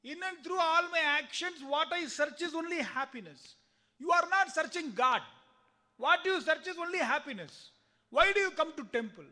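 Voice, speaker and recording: A man's voice: extremely high pitch, lively intonation, normal speed, sharp tone. A man with an Indian English accent giving a spiritual discourse at a temple, asking the audience rhetorical questions and acting out both sides of conversations. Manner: asks the audience rhetorical questions, acts out the dialogue himself.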